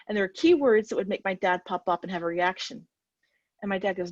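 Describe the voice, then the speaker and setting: A woman telling an animated story on a coaching call and acting out the dialogue. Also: mid-range voice, fairly quick, dry recording, highs cut off. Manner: animated, laughing at herself, acts out dialogue. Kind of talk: casual storytelling on a group call. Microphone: video call.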